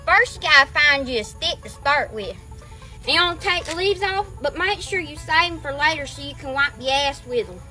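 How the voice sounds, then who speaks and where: A woman's voice: sits high, lively intonation, moderate pace, bright, forceful tone, faint music behind, exaggerated voice. A woman playing a backwoods hillbilly woman in a comedy skit, speaking in an exaggerated Southern drawl with a folksy, hammy manner.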